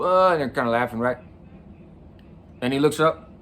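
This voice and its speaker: A man's voice: mid-range voice, fast, long pauses, fairly bright tone, slight background noise. Middle-aged man telling a story casually. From San Mateo County, California. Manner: casual, conversational, often adds "right?". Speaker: podcast host. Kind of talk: personal storytelling.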